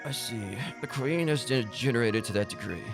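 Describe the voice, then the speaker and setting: A man voicing a solemn old male elder with a gravelly put-on old-man voice while reading game dialogue. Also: medium pitch, moderate pace, music in the background, close to an everyday voice.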